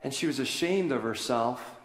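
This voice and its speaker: A male pastor preaches in a large church, his voice carrying through a roomy space with a long reverb tail. He tells a story earnestly and tenderly, in a mid-pitched voice. The sound comes from some distance, as if caught by a room mic in the sanctuary. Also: animated, moderate pace. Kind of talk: sermon. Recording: echoey hall from far off.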